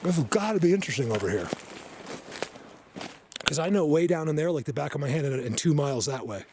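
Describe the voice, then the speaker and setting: A man vlogging casually while walking through a snowy forest, rambling and excitable, often laughing and dropping to a hushed voice. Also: fairly high pitch, fast, background noise. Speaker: vlogger, Bigfoot researcher. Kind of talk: casual hiking vlog.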